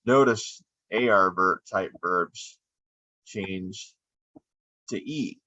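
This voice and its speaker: Slow, low-voiced man teaching a lesson. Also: bright, forceful tone, no room sound. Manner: unhurried, explaining while drawing on screen. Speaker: Spanish teacher. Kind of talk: screen-recorded lesson narration. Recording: dull lo-fi dry sound.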